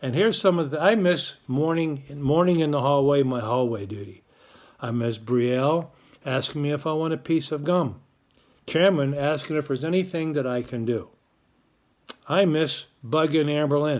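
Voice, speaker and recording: Upbeat school announcer man, higher voice. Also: moderate pace, a little mellow. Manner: upbeat, encouraging, chatty. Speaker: school morning show host.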